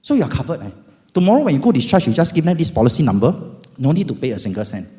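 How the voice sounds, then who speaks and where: A man voicing a chirpy young male insurance agent with a Singaporean accent, brisk and reassuring. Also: medium pitch, very animated, mellow, pitched above the performer's own voice, close to an everyday voice. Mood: cheery. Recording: long hall reverb.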